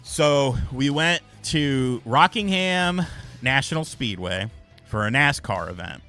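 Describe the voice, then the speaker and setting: Young male streamer, bright animated delivery, loose storyteller who swears. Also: medium pitch. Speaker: live stream host. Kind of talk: casual live stream chat.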